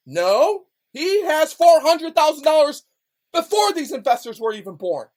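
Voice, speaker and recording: A man, a rapper, delivering an angry, profane rant to camera in a loud, heated voice. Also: very high voice, sing-song, a little slow. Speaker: rapper and vlogger.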